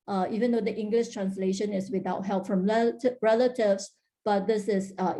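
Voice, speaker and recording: A woman with a mellow, soft-edged voice presents research at an academic workshop over a video call. She explains step by step, pausing often on fillers and restarting her phrases. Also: medium pitch. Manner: frequent "uh" fillers and restarts, careful explanatory delivery. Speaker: linguistics researcher presenting a talk.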